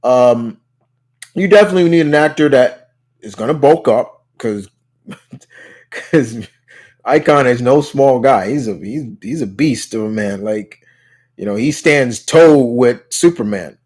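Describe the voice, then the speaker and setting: Man, livestream host, casual chat, rambling, restarts, mid-pitched voice, reads viewer questions. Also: animated, measured pace, a little mellow. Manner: rambling, many restarts and "you know"s; reads viewer questions aloud and answers them.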